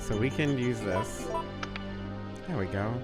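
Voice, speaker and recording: A man's voice: medium pitch, slow, over loud music. A man streaming a video game, joking, swearing and laughing often as he comments. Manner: jokey, laughs a lot, swears, voice jumps around. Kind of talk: casual gameplay commentary.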